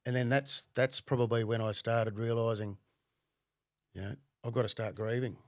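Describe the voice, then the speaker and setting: Gravelly, blunt Australian man. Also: medium pitch, steady tone, normal speed, a little mellow, no echo, clean studio sound. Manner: profane, blunt, laughs often. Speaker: podcast guest, former undercover cop. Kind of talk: casual storytelling.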